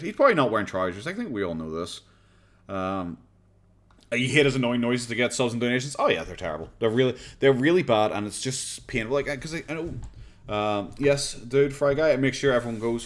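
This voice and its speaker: A man with an Irish accent streaming casual commentary, sarcastic and swearing freely. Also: medium pitch. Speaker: streamer reacting to videos.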